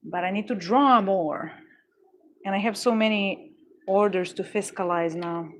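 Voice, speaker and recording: A woman chats to her livestream viewers while she works, rambling along with playful deadpan jokes. Her voice is mid-pitched for a woman. A faint hiss sits under the recording. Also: unhurried. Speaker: livestream artist. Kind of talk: casual livestream chat reading comments.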